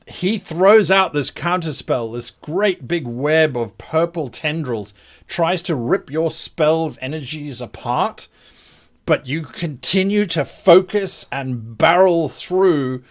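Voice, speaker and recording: A man narrating a tabletop game as game master, describing scenes in slow detail. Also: on the high side.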